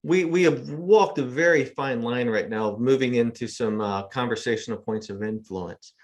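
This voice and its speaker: A man's voice: medium pitch, moderate pace. A man hosting a podcast, speaking reflectively in conversation with a guest. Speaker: podcast host.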